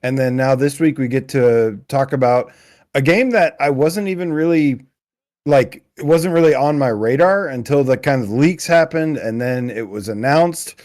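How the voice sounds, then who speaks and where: A man's voice: medium pitch, normal speed, a little mellow. A male co-host with an ordinary mid-range voice, goofing around and hyping things up. He speaks loosely and casually, with plenty of ums and uhs. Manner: jokey, hypes things up, lots of fillers. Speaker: guest co-host. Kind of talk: casual live show chat.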